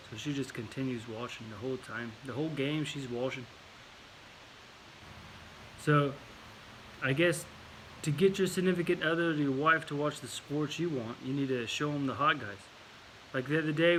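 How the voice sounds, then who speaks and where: A man's voice: on the high side, fairly even intonation, moderate pace, a bit bright, a little hiss or hum, rough recording. A man telling a casual story to camera in a put-on English accent, rambling with fillers and repeated words. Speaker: vlogger.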